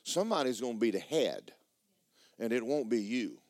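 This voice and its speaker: A pastor, preaching a sermon and telling a personal story with emotion, often repeating himself and speaking straight to the congregation. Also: male voice, medium pitch, sing-song, moderate pace, darkish tone, no room sound, studio quality.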